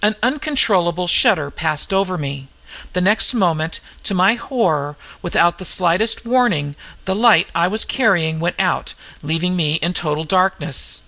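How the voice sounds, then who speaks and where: A narrator reading a first-person ghost story in a measured, tense way. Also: mid-range voice, gravelly, pushed and bright. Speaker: audiobook narrator.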